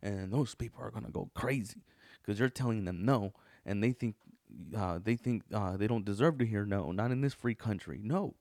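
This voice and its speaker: A man talks loosely through a podcast story, swearing freely and restarting his sentences as he goes. His voice sits a little low, and the recording is close and dry, with no room sound. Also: moderate pace, darkish tone, dry recording. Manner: profane, rambling, with frequent restarts and fillers. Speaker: podcast host. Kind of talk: casual rambling podcast monologue.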